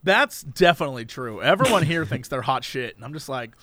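A young man co-hosting a podcast in casual chat, an animated storyteller who slips into quoted voices. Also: medium pitch, a little fast, hardly any pauses, no room sound. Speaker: podcast co-host. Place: Los Angeles area.

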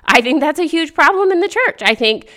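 A woman's voice: high-pitched, fairly quick. A woman hosting a faith-based podcast monologue. She talks earnestly and with energy, firing off rhetorical questions. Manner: animated, full of rhetorical questions; earnest and encouraging. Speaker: podcast host.

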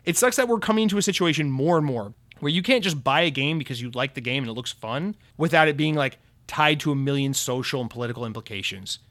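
A man's voice: medium pitch, fast talker, hardly any pauses, fairly bright tone. A young man from the United States hosting a podcast, ranting in a heated, sarcastic and profane way. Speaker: podcast host. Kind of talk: opinionated podcast rant.

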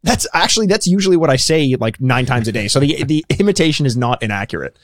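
A man's voice: mid-range voice, expressive, fast talker, no echo, clean studio sound. A Canadian man co-hosting a podcast, chatting casually with jokes, swearing and frequent laughter. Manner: joking, profane, laughs often. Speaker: podcast co-host.

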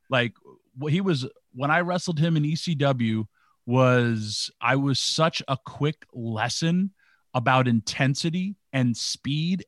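A man's voice: medium pitch, a bit bright, no room sound, clean studio sound. A man and former wrestler earnestly recounting a match in a casual chat. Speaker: podcast co-host, former wrestler.

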